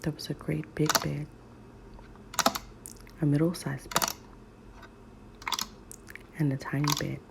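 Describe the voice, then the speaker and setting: Asmr lady whispering a bedtime story real slow, loud nail tapping clicks. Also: low voice, flat delivery, gravelly, heavy background noise. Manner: soft, slow, soothing reading.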